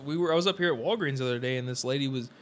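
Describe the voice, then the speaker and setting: Fast-talking young man telling stories. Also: mid-range voice, a little hiss or hum. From Southern California. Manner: rambling, profane, lots of "like" and "or whatever". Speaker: podcast co-host. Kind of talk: casual storytelling chat.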